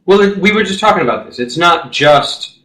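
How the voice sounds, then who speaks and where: A man's voice: sits high, expressive, fairly quick, a bit bright, echoey room, low-quality recording. Easygoing man radio co-host. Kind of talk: casual chat. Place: radio studio.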